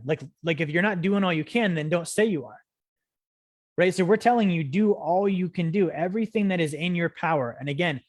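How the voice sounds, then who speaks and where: This young man, a financial education course host, speaks in a fairly high voice, captured as clean studio sound with no echo. His live-streamed finance lesson is energetic, peppered over and over with "right?" and "okay?" to fire up viewers.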